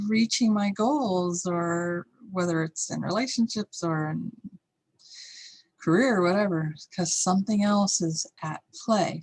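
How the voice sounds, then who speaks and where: A husky, lower-voiced woman speaks in a candid, reflective way, sharing a personal story as a teacher. She is middle-aged and now and then acts out the lines that others said. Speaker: course teacher.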